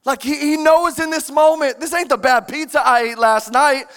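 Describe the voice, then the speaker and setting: A man preaching a sermon in a large church, emphatic and animated, questioning the congregation. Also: very high-pitched, moderate pace, few pauses. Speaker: pastor. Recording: long church-hall reverb.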